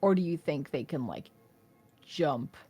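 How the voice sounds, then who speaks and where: Woman player in tabletop rpg, low husky voice, swings up and down a lot, faint music. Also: a little slow. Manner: loud excited cheers, casual swearing, many "like" fillers. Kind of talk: tabletop game play, casual chat.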